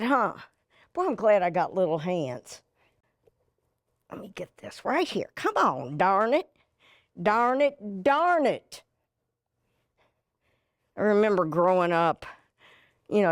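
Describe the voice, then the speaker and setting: A middle-aged woman hosts a cooking demonstration in a studio kitchen, folksy and chatty as she works. Her speech is unhurried, and her pitch swings widely up and down. The sound is dry and close, with no room echo. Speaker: TV cooking show host.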